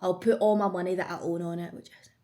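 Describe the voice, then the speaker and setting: A woman's voice: lowish voice, fairly even intonation, fast talker, dark tone. A Scottish woman in her twenties, chatting casually and emotionally as a vlogger, swearing freely. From Scotland. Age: 20s. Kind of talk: casual get-to-know-me chat.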